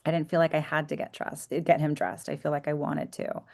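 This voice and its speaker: A woman psychotherapist talking reflectively in a podcast interview, sometimes dropping to a hushed voice. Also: low voice, level tone, fairly quick, vocal fry. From United States. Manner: reflective, soft-spoken, drifts into hushed tones. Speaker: psychotherapist guest.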